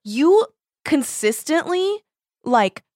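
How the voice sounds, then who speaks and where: A woman co-hosting a casual book discussion, expressive and full of incredulous questions. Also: sits high, very slow, dry recording, studio quality.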